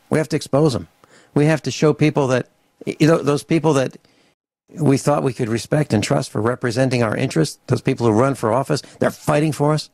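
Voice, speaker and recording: A male radio talk host with a gravelly, creaky voice launches into a grumbling, animated rant. He acts out short mock conversations between people. The studio mic sounds dry and close, with no room echo. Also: medium pitch. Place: home studio on a farm. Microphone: studio microphone.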